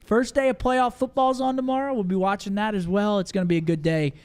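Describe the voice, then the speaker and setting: A man's voice: high-pitched, fairly even intonation, fast, smooth. A young man co-hosting a casual esports watch party, laid-back and swearing casually as he runs through tomorrow's schedule. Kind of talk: casual stream chat and wrap-up.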